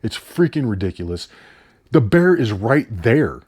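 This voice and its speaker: A man's voice: fairly low pitch, very animated, measured pace, darkish tone, breathy edge. Exasperated man ranting about a movie. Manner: exasperated, incredulous, swears casually. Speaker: movie reviewer. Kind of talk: casual ranting review.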